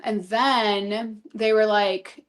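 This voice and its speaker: A woman's voice: medium pitch, steady tone, drawn-out words. A young woman guesting on an interview podcast, chatting casually as a reality TV contestant, rambling with lots of "like". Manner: rambling, filler-heavy storytelling with lots of "like".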